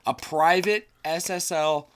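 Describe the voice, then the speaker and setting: A man's voice: a little high, slow pace, a bit bright. A young man hosting a podcast, chatting casually and reading news articles aloud with asides. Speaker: podcast host.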